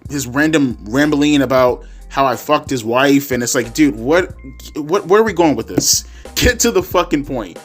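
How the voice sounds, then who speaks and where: A man's voice: medium pitch, a bit bright. A man ranting sarcastically and profanely about a wrestling show in a casual vlog. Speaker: wrestling commentary vlogger. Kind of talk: profane rant.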